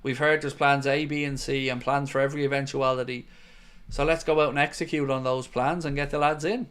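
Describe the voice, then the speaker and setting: Hiccuping as he goes, the host of a football fan channel reads viewer comments aloud on a live stream and delivers blunt opinions, peppered with "um" and "look." He speaks fairly quickly in a mid-range voice with little pitch movement. His tone is clean and a bit bright.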